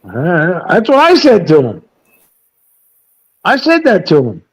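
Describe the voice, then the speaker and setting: A man in a casual live chat whose voice sits a little high. He rambles through stories, bluntly and full of profanity. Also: huge pitch swings, takes it slowly, slightly rough, no echo. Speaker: panel host.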